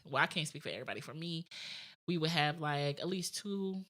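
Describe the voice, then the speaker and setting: A woman's voice: low voice, brisk, a bit bright. A woman talking frankly in a casual podcast chat, matter-of-fact, laughing often.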